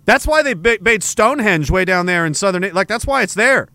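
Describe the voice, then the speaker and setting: A high, bright male voice that swings widely as he jokes through chat messages, swearing freely and acting outraged. The sound is close and dry with no room around it. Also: animated, brisk, no echo. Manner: profane, joking, mock-indignant. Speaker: streamer reading chat. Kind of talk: casual chat.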